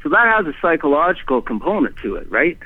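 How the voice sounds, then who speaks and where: A man's voice: fairly high pitch, sing-song, quick pace, slightly rough, dry recording. A man telling his own story as a guest in conversation, rambling, with many restarts and "you know"s. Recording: tinny phone line, dry.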